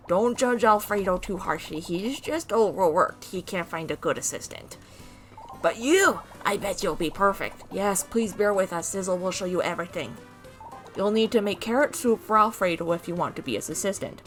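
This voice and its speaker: A woman's voice: fairly low pitch, lightly acted. A woman voicing a fluffy male creature sous chef in a video game, who speaks of himself in the third person.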